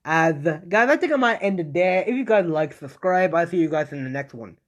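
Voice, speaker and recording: A man's voice: on the high side, lively intonation, a little fast, muffled recording. A young man narrates an improvised fan story in a loose, rambling way. He leans on fillers and keeps correcting himself mid-sentence.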